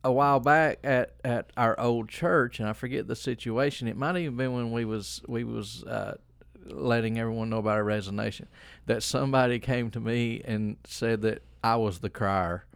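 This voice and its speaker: A preacher co-hosting a casual chat, rambling with restarts and frequent laughter. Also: male voice, medium pitch, steady tone, normal speed, vocal fry, smooth, no room sound. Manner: rambling, laughs often, self-correcting restarts. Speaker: preacher and podcast co-host.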